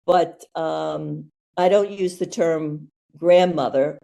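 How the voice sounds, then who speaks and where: Low, steady and dark, with vocal fry, her voice moves at a slow pace. She is an American nurse on a podcast as a guest, candidly telling stories in a blunt, rambling way with fillers.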